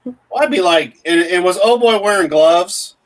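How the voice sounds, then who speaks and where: A man's voice: high voice, moderate pace. A man co-hosting a casual chat stream, trading crude, joking banter.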